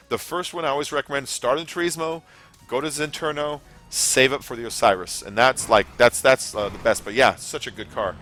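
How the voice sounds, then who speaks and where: A man's voice: mid-range voice, bright, forceful tone. A young American man chatting casually while hosting a game live stream, rambling and laughing at his own jokes. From United States. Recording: faint background music.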